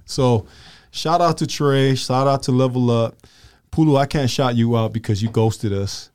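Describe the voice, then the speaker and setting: A man's voice: mid-range voice, moderate pace, darkish tone, clean tone. A middle-aged man hosting a casual podcast, joking and teasing his guests. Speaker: podcast host. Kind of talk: casual chat.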